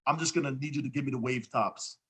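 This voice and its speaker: A man, a co-host from Jamaica, reflecting on leadership in a relaxed, drawn-out way during a casual interview. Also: mid-range voice, breathy edge.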